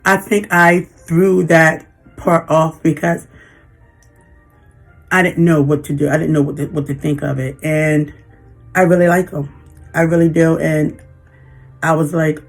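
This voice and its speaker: A woman in her fifties venting in a personal vlog, halting and emotional, holding back tears. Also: deep voice, little pitch movement, vocal fry, faint music behind. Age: 50s. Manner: emotional, halting, frequent restarts. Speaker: vlogger.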